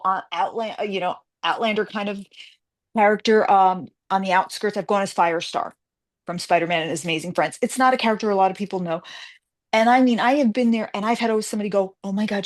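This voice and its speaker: A woman chatting as a guest author in an interview, full of energy and often slipping into little voices for the people in her stories. She talks at a middle pitch and keeps the conversation flowing. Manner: animated storyteller, acts out quoted voices. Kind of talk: casual interview chat.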